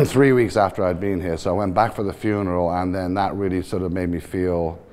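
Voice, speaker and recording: Low-voiced Irish-Scouse man in his 60s. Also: a little fast. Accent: Irish and Liverpool mix. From Ireland and England. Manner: relaxed, rambling, laughs easily. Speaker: team owner, interview guest. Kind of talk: casual storytelling interview.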